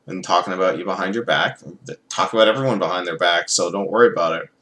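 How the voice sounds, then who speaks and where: A man putting on the voice of a woman wrestler who calms a crying colleague in a reassuring, coaxing way. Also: deep voice, fast talker.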